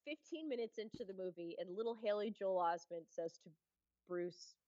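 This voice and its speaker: A woman's voice: medium pitch, lively intonation, normal speed, mellow, no room sound. A woman telling stories in a casual film discussion, chatty and laughing as she talks. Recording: slightly muffled, lo-fi sound.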